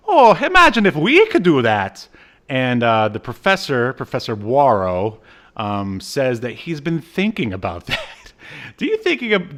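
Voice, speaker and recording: A man of ordinary pitch co-hosts a casual podcast, talking through an old cartoon's plot. He rambles loosely, leaning on "uh" and "um", and drops dry, wry asides along the way. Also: fairly bright tone. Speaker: podcast co-host. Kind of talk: casual chat recapping a cartoon.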